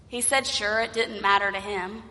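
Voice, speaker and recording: A woman's voice: mid-range voice, fairly even intonation, normal speed, sharp tone, in a large hall. A woman pastor preaching a sermon, telling a story and acting out the voices in it.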